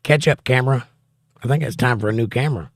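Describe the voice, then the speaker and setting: A man's voice: mid-range voice, fast, no echo, clean studio sound. Wisecracking man reading chat. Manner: reads chat messages aloud, wisecracking. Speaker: livestream host reading viewer chat. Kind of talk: casual livestream chat.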